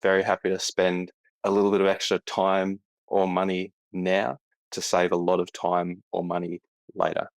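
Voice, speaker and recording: An Australian man speaks in a very low, steady voice with little rise and fall. He answers calmly and modestly, recorded close and dry. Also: gravelly, no room sound. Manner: measured, modest, even. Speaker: podcast guest, account manager. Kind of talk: interview answers.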